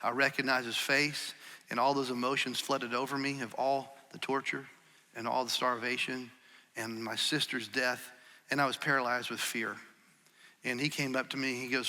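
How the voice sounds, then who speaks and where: A middle-aged man preaching a sermon, telling stories in a conversational way with many small pauses, dropping soft for quotes and swelling louder when stirred. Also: mid-range voice, little pitch movement. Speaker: pastor. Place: church sanctuary. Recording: long church hall reverb.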